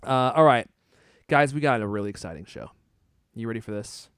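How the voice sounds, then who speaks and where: A man hosting a podcast in casual chat, joking and animated, stumbling over fillers and restarts. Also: mid-range voice, fairly quick, clean tone, no echo, studio quality. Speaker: podcast host.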